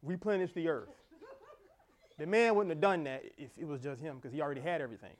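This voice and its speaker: A middle-aged man, a pastor, preaching an animated sermon with laughter and acted-out dialogue. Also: on the high side, quick pace.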